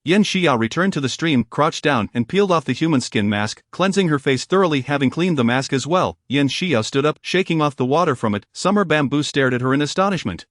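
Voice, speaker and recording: A man narrating a story recap in a smooth, even reading without pauses or slips. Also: a little high, no echo, clean studio sound.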